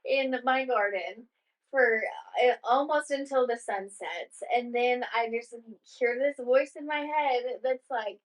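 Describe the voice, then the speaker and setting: A woman's voice: a little high, takes it slowly. A woman co-hosting a casual chat podcast, telling a long story in a rambling way and filling it with "like". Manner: rambling storyteller, heavy use of "like", acts out quoted lines. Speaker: podcast co-host. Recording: dull, muffled lo-fi sound.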